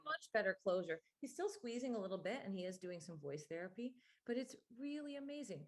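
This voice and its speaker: A woman's voice: mid-range voice, big pitch swings, brisk. A woman laryngologist giving a medical grand rounds lecture, explaining things step by step with frequent fillers.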